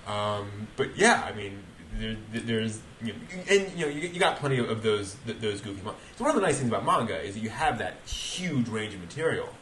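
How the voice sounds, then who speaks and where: A man co-hosting a casual podcast chat, talking in halting bursts with frequent restarts. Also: big pitch swings, a bit bright. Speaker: podcast co-host. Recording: roomy with faint rumble.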